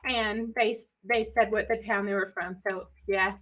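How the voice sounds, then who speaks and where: A woman's voice: mid-range voice, steady tone, normal speed, a bit bright. A woman from East Texas with an East Texas accent, co-hosting a genealogy live stream in a chatty, rambling way, often laughing. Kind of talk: casual live-stream chat.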